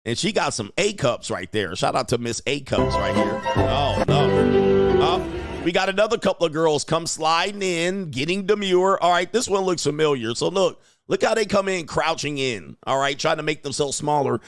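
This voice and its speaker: A man casually commenting on video clips in a mocking, animated way. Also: normal speed, dry recording, clean studio sound, faint music behind. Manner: mocking, animated, puts on high voices for quotes.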